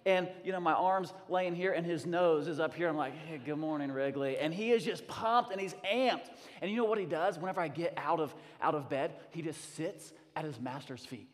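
A man with a bright, high voice preaches to his congregation, building energy through repeated phrases and emphatic bursts. His sermon carries the long reverb of a large church sanctuary. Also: moderate pace. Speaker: pastor.

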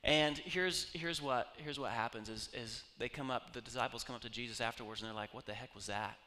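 A man preaching a sermon, telling stories with humor and swinging from loud bursts to hushed asides. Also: medium pitch, brisk. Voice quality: animated, jokey storytelling with sudden loud bursts and hushed asides. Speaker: pastor. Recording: long reverb of a large hall.

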